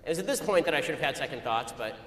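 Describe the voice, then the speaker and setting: A man telling a story to an audience in a rapid-fire, argumentative way. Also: fairly high pitch, expressive, pushed and bright. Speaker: speaker addressing an audience. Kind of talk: anecdotal public talk. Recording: echoey hall with long reverb, faint ambient noise.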